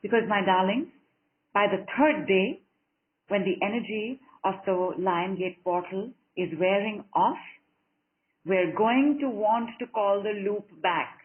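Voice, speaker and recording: A woman's voice: mid-range voice, measured pace. Encouraging woman coach on a tinny call. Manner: encouraging, affectionate, repeats phrases rhythmically. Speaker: spiritual coach leading a group call. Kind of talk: guided group session over a call. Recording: narrow phone-like call audio.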